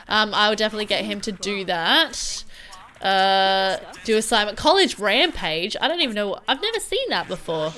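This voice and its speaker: A woman's voice: fairly high pitch, fairly bright tone. A young woman casually commenting on her gameplay, chatty and often giggling. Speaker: gameplay video host.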